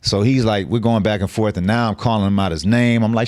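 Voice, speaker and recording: A middle-aged man from the Bay Area speaks in a very deep voice. He tells his story in a blunt, profane, streetwise way. The sound is close and dry. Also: steady tone, quick pace, a little mellow, no room sound. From San Francisco Bay Area. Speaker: guest. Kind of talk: casual storytelling interview.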